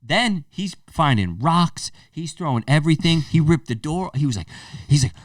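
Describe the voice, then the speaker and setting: A man's voice: on the high side, moderate pace, no echo, clean studio sound, far from the mic. A young man co-hosting a podcast, telling a story casually, swearing and acting out what people said. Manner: animated, swearing, acts out quoted lines. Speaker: podcast co-host.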